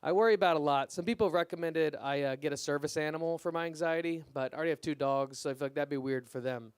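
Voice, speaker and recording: A young man performing a stand-up comedy set at an open mic, deadpan and self-deprecating, his punchlines trailing off quietly. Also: on the high side, quick pace, clear, resonant tone, no echo, studio quality. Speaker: stand-up comic.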